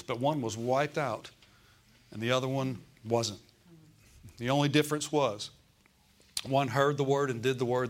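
A man's voice: fairly high pitch, fairly bright tone. A middle-aged man preaching a sermon, repeating phrases for emphasis and asking his listeners for amens.

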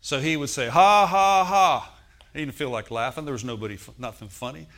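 A man's voice: medium pitch, fast talker, vocal fry, a bit bright. A man preaching a sermon as pastor. He tells stories, acts out the voices in them and calls for amens from the congregation. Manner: storytelling preacher who acts out quoted voices.

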